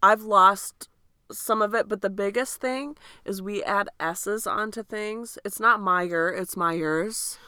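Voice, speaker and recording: A woman in her thirties from Michigan chats casually as a podcast co-host. Her voice is bright and crisp, her delivery chatty and emphatic, and the sound is close and dry. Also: mid-range voice, fairly even intonation, no echo. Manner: chatty, emphatic, quick to agree. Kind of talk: casual chat.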